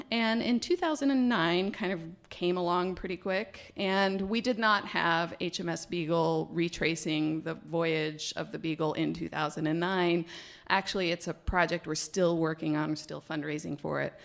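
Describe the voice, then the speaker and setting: Woman, low voice, gravelly edge, animated live storytelling, laughs, fillers. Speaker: storyteller, biologist. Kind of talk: personal story told live on stage.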